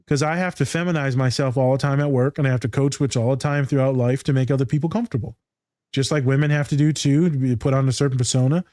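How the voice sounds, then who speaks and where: A man who hosts a podcast and works as a therapist, ranting in animated, profane casual chat. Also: medium pitch, no echo, clean studio sound.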